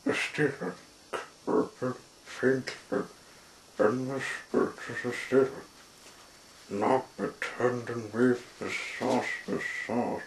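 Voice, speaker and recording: A man reads a storybook aloud at an extremely slow, deliberate pace, his voice gravelly with fry. The sound is roomy and echoey, with faint noise underneath. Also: mid-range voice, steady tone.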